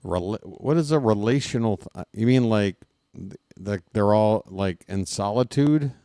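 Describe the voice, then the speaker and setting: Male play-by-play streamer, lower register, smooth resonant tone, dry close mic, rambling comic asides. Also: animated, moderate pace, mellow, dry recording. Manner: rambling, jokey, talks to chat viewers. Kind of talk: casual baseball commentary with chat.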